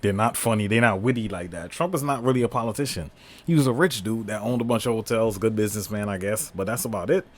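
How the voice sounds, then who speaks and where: A man hosting a reaction video, chiming in with animated, blunt, slangy commentary and frequent laughter. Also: lowish voice, quick pace.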